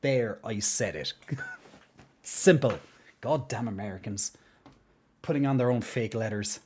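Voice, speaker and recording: A man's voice: fairly low pitch, a little slow, darkish tone, a little hiss or hum. A man from Ireland chatting casually on a live stream, rambling and trailing off into mumbled asides. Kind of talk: casual stream chat reacting to a video.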